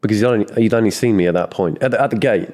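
A man's voice: lowish voice, racing, darkish tone. An English man, a guest on a casual podcast, telling an anecdote and defending how he worded it. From England. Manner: defensive anecdote teller, insists on his wording. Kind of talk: casual chat.

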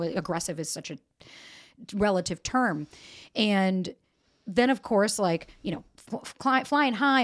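Candid, swearing woman podcast host. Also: medium pitch. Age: 40s. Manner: emotional, swears freely, acts out quotes. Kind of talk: candid confessional chat.

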